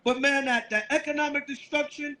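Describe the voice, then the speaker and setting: High, bright Brooklyn man preaching. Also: steady tone, fairly quick, rough recording. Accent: Brooklyn, New York. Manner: emphatic, calls out verses, asks "right?" often. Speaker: street preacher. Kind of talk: street sermon with scripture reading.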